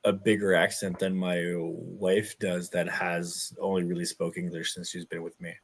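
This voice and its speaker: A man's voice: low-pitched, level tone, moderate pace, vocal fry, husky. A man in casual podcast chat, laid-back and chuckling.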